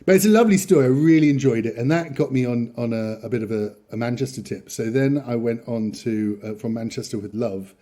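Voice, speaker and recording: Guy hosting a podcast, warm mellow voice, rambling chatty, laughs a lot. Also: medium pitch, brisk, hardly any pauses. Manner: chatty, rambling, chuckles often. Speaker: podcast host. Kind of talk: casual chat.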